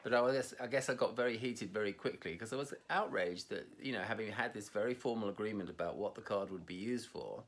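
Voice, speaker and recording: A man's voice: on the low side, fast talker, few pauses, fairly bright tone. A man co-hosting a casual conversation, rambling and self-mocking, laughing often at himself. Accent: Scottish. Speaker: podcast co-host.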